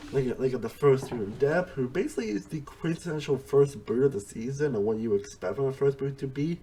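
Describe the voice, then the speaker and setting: Rambling male reviewer, lively pitch. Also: brisk, a little hiss or hum. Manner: rambling, repeats himself, says "honestly" often. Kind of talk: casual spoken review.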